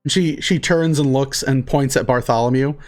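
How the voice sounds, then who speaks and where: A man's voice: medium pitch, normal speed, faint music behind. A man narrating as game master of a tabletop game, casual and full of fillers.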